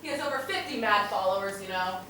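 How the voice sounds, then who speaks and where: A woman's voice: medium pitch, fast, pushed and bright, a little hiss or hum, natural voice. A woman playing a scornful male British army lieutenant in a stage reading, brusque and contemptuous. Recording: echoey hall, distant mic.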